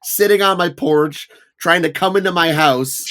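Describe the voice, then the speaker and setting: A man in his thirties co-hosting a podcast, telling a long story in a profane, animated way. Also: fairly high pitch, moderate pace. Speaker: podcast co-host. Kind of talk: casual storytelling chat.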